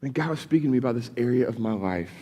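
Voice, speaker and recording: A man's voice: mid-range voice, animated, very fast, dark tone, in a large hall. A male pastor giving a casual, conversational sermon in a church, often repeating words as he starts sentences. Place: church sanctuary.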